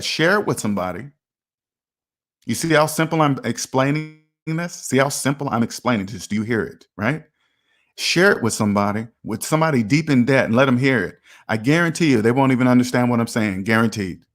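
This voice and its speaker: A middle-aged man talks straight to his viewers about money in a loose, casual monologue. He hammers on his points and repeats them, now and then slipping into little made-up street dialogues. His voice sits at an ordinary pitch for a man. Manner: repetitive, emphatic, acts out imagined street conversations. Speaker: personal finance video host.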